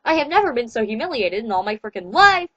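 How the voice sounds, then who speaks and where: A woman's voice: on the high side, big pitch swings, quick pace, bright, forceful tone, no room sound, lo-fi sound, exaggerated voice. A woman voicing a moody gothic teenage girl heroine who protests melodramatically. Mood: angry.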